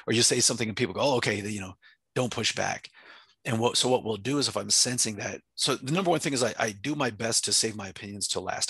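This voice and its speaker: A man's voice: fairly low pitch, sharp tone, breathy edge, dry recording. A man who leads a company, answering interview questions in a passionate, emphatic way. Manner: intense, emphatic, acts out his own quoted speech. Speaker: company president and CEO, guest.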